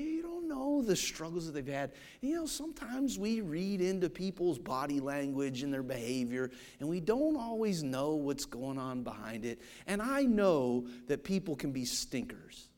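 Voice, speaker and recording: A man preaching a sermon, animated and storytelling, acting out the people in his stories. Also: a little high. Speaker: pastor.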